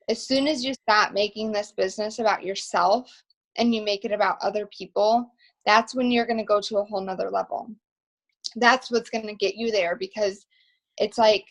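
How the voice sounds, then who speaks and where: A young woman hosting a motivational team video call, telling stories in an excited, emphatic, rambling way. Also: medium pitch, low-quality recording.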